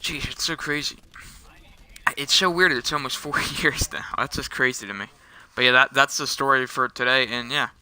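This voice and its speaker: A man's voice: mid-range voice, pushed and bright, clear, resonant tone, no echo. A young man rambling through a personal story in casual vlog style, often restarting and correcting himself. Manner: rambling with many restarts and quick self-corrections. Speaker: storytelling vlogger. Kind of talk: casual storytime while gaming.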